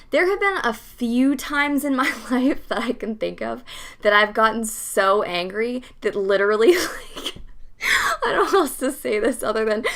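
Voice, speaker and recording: A young woman hosting a podcast, telling a story in a casual, animated way, acting out the dialogue and swearing freely. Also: on the high side. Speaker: podcast host.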